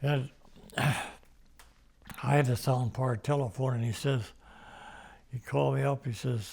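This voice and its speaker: Slow gravelly elderly man. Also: medium pitch, fairly even intonation, a little mellow. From United States. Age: older. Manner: rambling storytelling with restarts and chuckles. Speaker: veteran interviewee. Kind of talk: oral history interview.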